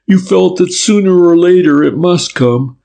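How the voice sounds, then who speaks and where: Courteous firm detective guy, a man reading him, raised pitch, gravelly edge. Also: dark tone. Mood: polite pressing. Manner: polite, pressing, measured. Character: courteous firm middle-aged male detective inspector.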